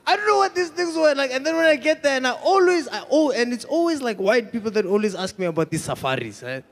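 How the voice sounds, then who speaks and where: High-voiced South African comic. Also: male voice, animated, fast talker, vocal fry. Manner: chatty, laughs at his own jokes. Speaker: stand-up comedian. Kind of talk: stand-up comedy set.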